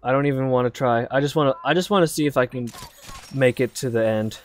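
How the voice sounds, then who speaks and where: A gamer voice of middle pitch, narrating live play in a loose, sweary, self-deprecating way. It jumps between muttered banter and loud, panicked begging when the game turns against them. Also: fast talker. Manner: profane, self-mocking banter; swings into loud panicked pleading. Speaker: gaming video creator. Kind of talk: live gameplay commentary.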